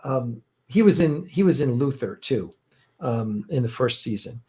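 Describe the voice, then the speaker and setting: A man's voice: medium pitch, lively intonation, measured pace, darkish tone, husky. A man hosting a casual livestream chat from home, rambling with lots of fillers and restarts. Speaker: host. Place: home, fireworks outside.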